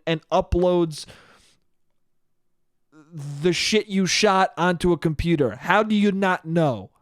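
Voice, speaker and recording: A man hosting a solo podcast, retelling a story in a casual, profane and animated way. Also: sits high, clean tone, dry recording, studio quality. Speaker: podcast host.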